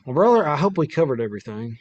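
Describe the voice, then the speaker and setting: A man's voice: a little high, very animated, very fast, darkish tone, dull audio. A man hosting a casual chat, upbeat and promotional. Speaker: host.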